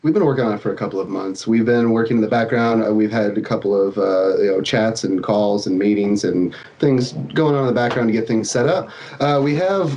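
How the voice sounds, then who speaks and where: A man's voice: fairly low pitch, a little fast, darkish tone, dull audio, a little hiss or hum. A man talking as a guest in casual podcast chat, explaining plans in an easygoing way. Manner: easygoing, agreeable, explains plainly.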